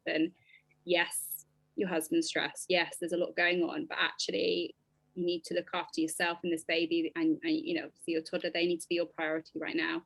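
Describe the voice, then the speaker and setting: A woman in her thirties, a podcast guest telling her personal story in an animated, expressive way with lots of ums. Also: on the low side, fairly quick, creaky, dry recording.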